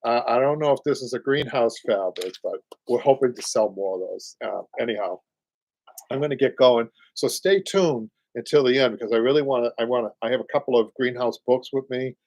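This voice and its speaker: A man's voice: medium pitch, a little fast, darkish tone, dry recording. Chatty Boston man hosting live. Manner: rambling and chatty, many fillers, chuckles often. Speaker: upholsterer hosting a live show. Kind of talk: casual live-stream chat.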